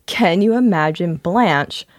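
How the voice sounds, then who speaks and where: A woman's voice: fairly low pitch, lively intonation, slow, dry recording, clean studio sound. Chatty woman with a Philly accent. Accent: Philadelphia. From Philadelphia. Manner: chatty, laughing, many fillers. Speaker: podcast co-host. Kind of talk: casual chat.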